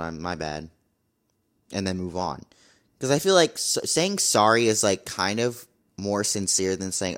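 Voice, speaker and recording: A man's voice: lowish voice, fairly bright tone. A young man talking casually to camera in a vlog, blunt and exasperated, repeating his complaints. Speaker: vlogger.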